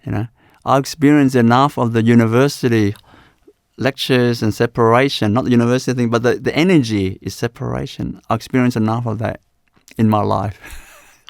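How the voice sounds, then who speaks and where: A man giving a live spiritual talk as teacher, unhurried and repeating his phrases with many "you know"s. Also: medium pitch, steady tone, gravelly, no echo, clean studio sound.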